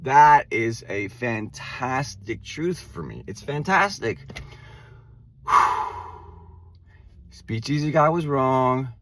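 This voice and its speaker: Slow-talking man who stutters. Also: mid-range voice, lively intonation, fairly bright tone, slight background noise. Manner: stutters, with repeated words and restarts; casual, says "like" and "dude" often. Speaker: channel host. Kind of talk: reflective self-help monologue.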